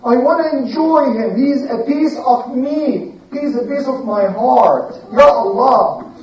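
A man's voice: extremely high pitch, slow. A man voicing a desperate mother pleading in prayer for her baby. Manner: pleading, emotional. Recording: echoey room, distant muffled mic.

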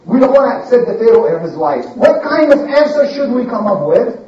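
A man's voice: extremely high pitch, very animated, fairly quick. A man voicing royal advisers who plot how to test a child. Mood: scheming. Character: group of scheming royal advisers, men. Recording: echoey room, distant muffled mic.

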